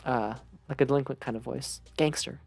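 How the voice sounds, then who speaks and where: A woman's voice: extremely low pitch, brisk, creaky, a little mellow, faint music behind. A woman streamer rambling chattily and self-mockingly while playing a game. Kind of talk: casual gaming commentary.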